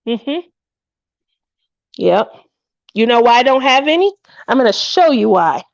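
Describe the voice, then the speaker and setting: Chatty and quick to laugh, this fifty-something craft livestream host tells stories and acts out quotes in a fairly high, sing-song voice. She keeps a measured pace with some vocal fry, and the dull audio carries no room sound.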